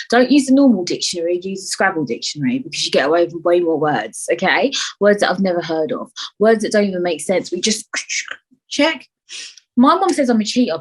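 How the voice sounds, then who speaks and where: A young woman with a medium-pitched, slightly breathy voice hosts a casual solo podcast, heard through poor audio. She chats animatedly, swears freely, and slips in and out of put-on voices.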